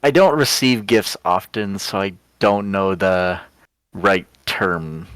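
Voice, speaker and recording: A man's voice: sits low, slow, fairly bright tone, smooth, no room sound. A man voicing a reserved former soldier commander who answers shyly and awkwardly in few words.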